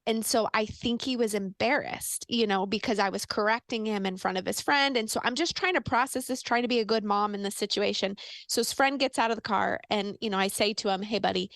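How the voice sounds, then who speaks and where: A middle-aged woman hosting a podcast, talking in an earnest, animated way and telling stories casually. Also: mid-range voice, fairly quick, no echo. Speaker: podcast host.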